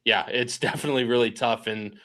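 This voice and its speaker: A man hosting a casual racing podcast, chatty and quick to laugh as he reads out the live chat. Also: mid-range voice, steady tone, bright, forceful tone. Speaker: podcast host.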